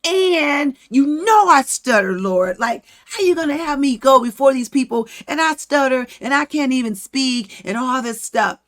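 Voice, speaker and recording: A woman's voice: sits high, expressive, normal speed, hardly any pauses, voice pushed up. A woman voicing an insecure man who whines and pleads excuses while retelling a Bible story. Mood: pleading. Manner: whining, pleading.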